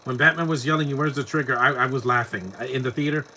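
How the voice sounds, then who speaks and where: A man talks along with a film in a loose, mocking way and laughs often at what he sees. His voice is bright and forceful. A faint murmur of background sound sits under his speech. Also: mid-range voice, fast, a little hiss or hum. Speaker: movie commentator. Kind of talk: casual live movie commentary.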